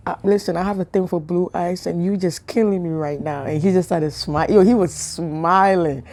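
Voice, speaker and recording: Chatty woman with a low, mellow voice. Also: fairly even intonation, normal speed. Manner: chatty storytelling with laughs and whispered asides. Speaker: spiritual vlogger. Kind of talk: casual spiritual talk to camera.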